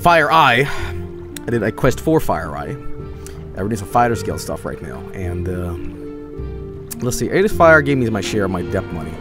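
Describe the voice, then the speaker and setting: Tired rambling man, lively low voice. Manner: rambling, reads game text aloud, chuckles. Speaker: streamer. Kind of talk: casual gameplay commentary. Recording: game music underneath.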